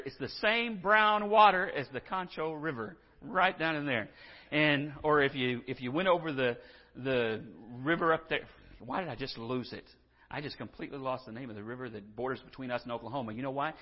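A pastor preaching with a high, lively voice that leaps around as he acts out the story. His voice is a little husky, and the muffled recording carries the long reverb of a church hall. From Texas. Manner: animated storytelling, acts out scripture figures. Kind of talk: sermon.

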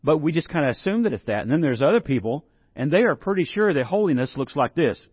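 A man's voice: on the high side, sing-song, fast, slightly rough, no echo, dull audio. A man preaching a sermon in a conversational way, rising to emphatic scripture reading. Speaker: pastor.

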